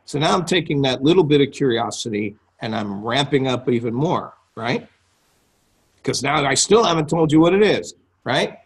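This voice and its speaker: Husky-voiced man coaching on a call. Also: medium pitch, lively intonation, measured pace. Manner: conversational, often checks in with "right?" and "okay?". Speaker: copywriting coach. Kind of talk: teaching on a group call. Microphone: call audio.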